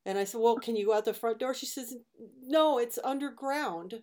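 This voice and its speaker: A woman's voice: on the high side, fast, noisy background. A woman who works in disaster relief, chatting casually and telling a story with some laughter. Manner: relaxed, backchannels often, tells stories with laughter. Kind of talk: casual podcast chat.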